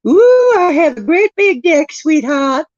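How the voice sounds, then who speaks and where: A woman putting on the voice of a brassy, flirtatious woman showing off, high and teasing. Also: expressive, unhurried, dry recording. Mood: flirty. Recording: dull lo-fi recording.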